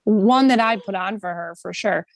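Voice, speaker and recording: On a laid-back podcast, this female co-host speaks at a moderate pace in a mid-range voice. She's an animated storyteller who performs the voices of the people in her anecdotes.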